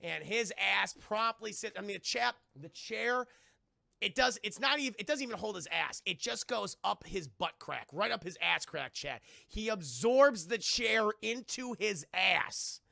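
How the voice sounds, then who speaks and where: A man reviewing a cartoon on a live stream, animated and profane, talking to his chat. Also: high-pitched, unhurried, gravelly, dry recording, clean studio sound. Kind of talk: casual live-stream commentary.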